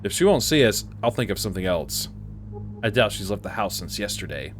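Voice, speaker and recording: A man's voice: on the low side, sing-song, fairly quick, soft background music. A man reading as a pushy female TV reporter. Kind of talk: reading game dialogue aloud.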